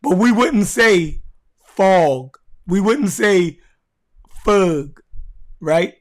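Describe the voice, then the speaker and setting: Talking slowly in a high voice, a man from Baltimore, USA hosts a podcast and addresses his live chat. His Baltimore accent carries casual, blunt livestream talk full of cursing and repetition for emphasis.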